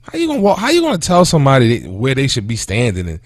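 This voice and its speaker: A man in his thirties hosting a casual talk show, venting in an animated, indignant way about an everyday run-in and then moving on to other topics. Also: fast, no room sound. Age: 30s. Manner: animated and indignant, with pitch jumping when quoting and venting. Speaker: host. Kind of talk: casual talk radio monologue.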